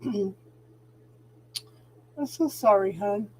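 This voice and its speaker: A woman's voice: mid-range voice, very slow, a little mellow, slightly rough. A middle-aged woman hosting a casual spiritual talk stream, chatting sympathetically with viewers and calling them hun.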